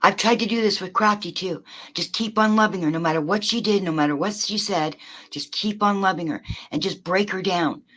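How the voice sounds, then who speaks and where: A woman's voice: mid-range voice, fairly quick, fairly bright tone. A woman in casual conversation, talking earnestly, often restarting her sentences and swearing casually as she works through her thoughts. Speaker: host.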